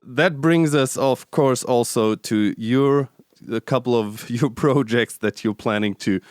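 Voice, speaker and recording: A man's voice: medium pitch, a little slow, darkish tone, faint music behind. A man hosting a podcast interview, hesitant with many fillers but enthusiastic. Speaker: podcast host.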